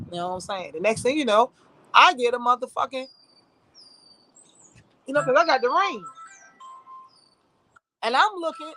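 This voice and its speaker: A woman telling a personal story in casual, animated talk, heavy with profanity and frequent asides to the listener. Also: fairly high pitch, no echo.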